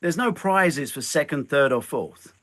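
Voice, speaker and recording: An older man, a stuntman and filmmaker, is the guest in a storytelling interview, animatedly acting out the things people said. His voice is a little high and his pace a little slow.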